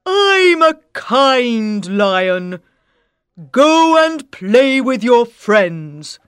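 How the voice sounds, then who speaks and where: A woman voicing a big, proud but kind male lion in a children's story, speaking loudly and slowly. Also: on the high side, very animated, smooth, no room sound, clean studio sound, full character voice. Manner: loud and drawn-out roaring.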